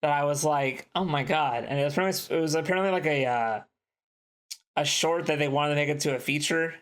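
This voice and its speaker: A man co-hosting a podcast, casually retelling film plots in a rambling, animated way. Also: fairly high pitch, brisk, clear, resonant tone. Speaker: podcast co-host. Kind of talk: casual chat.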